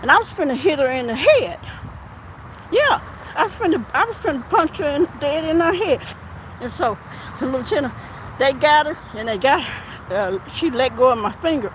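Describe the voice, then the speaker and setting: A woman police officer telling a story while walking outdoors, animated and acting out the back-and-forth. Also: sits high, moderate pace, slight background noise, poor audio. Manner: animated, acts out quoted exchanges. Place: outdoors on an urban street.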